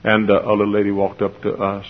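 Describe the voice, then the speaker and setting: A man preaching a sermon to a congregation, with an impassioned style that swells toward shouting, on a muffled old tape. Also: fairly low pitch, monotone, fast. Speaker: pastor. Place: church sanctuary before a congregation.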